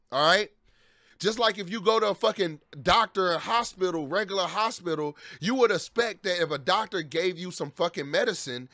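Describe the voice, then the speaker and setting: A man's voice: a little high, pushed and bright, dry recording, studio quality. A man and father telling an angry, profane story as a vlogger, repeating and restarting his phrases as he vents. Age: adult with children.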